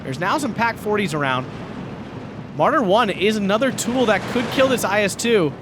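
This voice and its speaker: A man casting a strategy game tournament match, excitable, laughing often and shouting at big plays, a little hoarse from talking. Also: sits high, normal speed, background noise. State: losing his voice. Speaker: tournament caster.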